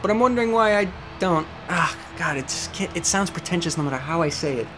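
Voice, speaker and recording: A young man rambles through his gameplay commentary at home, mocking himself and swearing freely. His fairly high voice jumps around a lot. A faint hum of noise sits behind him. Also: expressive, brisk. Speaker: let's play host. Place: at home with a cat.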